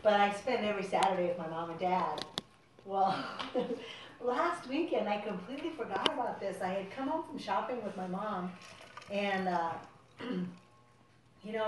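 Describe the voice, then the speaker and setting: A woman's voice: mid-range voice, a little slow. A woman telling a rambling family story in a casual, laughing way, heard in a roomy space from a distance. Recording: roomy distant sound, faint noise.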